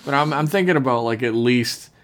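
A man's voice: mid-range voice, brisk, a bit bright. A man co-hosting a podcast, chatting casually with wry, sarcastic asides. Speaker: podcast co-host. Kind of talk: casual banter.

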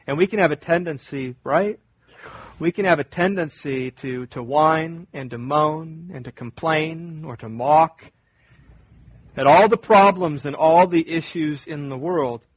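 Male pastor, slightly high husky voice, emphatic sermon delivery with repeated phrases. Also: measured pace, poor audio. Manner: emphatic preaching, repeats phrases, rising to loud fervor.

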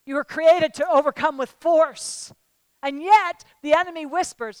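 Before a live audience, a woman delivers an emphatic sermon, addressing listeners directly and building to loud declarations. She pitches high and speaks a little slowly, with no room sound audible.

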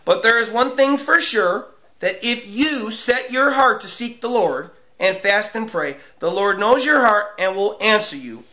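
A man with a high, bright, sharp voice preaches in an earnest and emphatic way, circling back over his own phrases. The recording is dull and lo-fi, with a roomy echo around him. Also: expressive, a little slow. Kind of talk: sermon on fasting.

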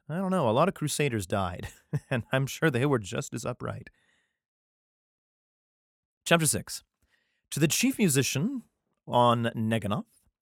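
A man's voice: mid-range voice, no echo, studio quality. A man reading scripture aloud and breaking off for wry, sarcastic asides. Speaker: Bible reader and commentator.

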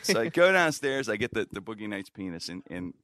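A middle-aged man with a lively, wide-ranging voice spins an anecdote in casual podcast talk. He acts out the voices of the people in his story and laughs often. The sound is dry and close to the mic. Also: lowish voice, brisk, no echo. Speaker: guest storyteller.

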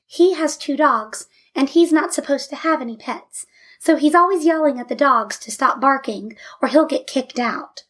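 A woman voicing an excited, chatty little girl in a storybook reading. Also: high voice. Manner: eager, quick chatter.

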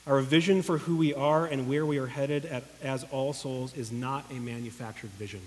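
A man's voice: medium pitch, fairly even intonation, moderate pace, a little hiss or hum. A pastor preaching a sermon in earnest, emotional tones, speaking directly to his congregation. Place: church hall. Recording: long echo of a large hall.

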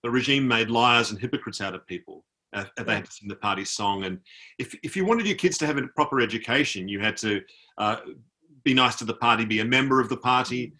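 A man's voice: medium pitch, fairly quick, bright, forceful tone. An Australian man, an author, telling an anecdote on a video call and mimicking the people he met. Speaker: author guest. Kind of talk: storytelling in a conversation.

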